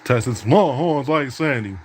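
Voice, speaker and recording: A man's voice: mid-range voice, expressive, unhurried. Trash-talking man calling his own game. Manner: mock announcer calls mixed with taunts. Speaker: podcast host playing a basketball video game. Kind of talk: trash-talking play-by-play over gameplay.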